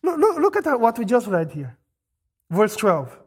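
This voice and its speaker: A male pastor preaching a sermon, firing off rhetorical questions and answering them, moving between loud emphasis and quiet asides. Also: very high-pitched, huge pitch swings, a little slow, breathy edge.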